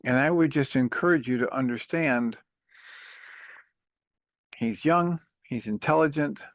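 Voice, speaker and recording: Male call-in host, patient and earnest, mid-pitched, dry and dull lo-fi sound. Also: a little slow, no room sound. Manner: earnest, patient, steady counseling. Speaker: radio talk show host, coach. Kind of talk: calm advice on a call-in show.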